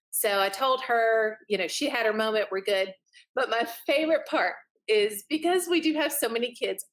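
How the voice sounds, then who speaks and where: A woman, a podcast guest telling a story in a lively way and acting out what others said. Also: mid-range voice. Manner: animated, laughing, acts out quotes. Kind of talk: casual storytelling.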